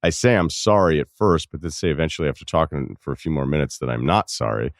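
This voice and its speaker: A man hosting an advice podcast, reading listener emails aloud and breaking off for dry, deadpan asides in a casual, chatty way. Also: a bass voice, fast talker, no echo. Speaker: podcast host.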